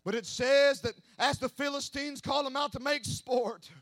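A man preaching a sermon who swings between hushed asides and shouted, sing-song preaching cadence. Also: very high voice, steady tone, normal speed, dry recording, studio quality. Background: faint music from an accompanist.

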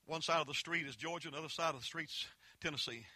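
Man, Southern Appalachian accent, preacher, folksy storytelling, impassioned, fairly high pitch, dry recording. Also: fast talker, bright, forceful tone, no room sound. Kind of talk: holiness sermon.

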